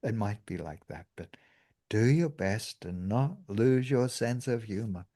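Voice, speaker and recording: A man's voice: lowish voice, animated, measured pace, mellow. A man, a meditation teacher giving a cheerful spiritual talk and laughing often.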